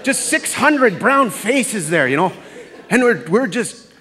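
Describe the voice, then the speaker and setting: A man performing a stand-up comedy set on a theatre stage, telling animated stories that build to shouted chants. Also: sits high, slow, big-room sound. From Canada. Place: theatre stage before a live audience. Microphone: stage microphone. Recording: live theatre taping with audience laughter.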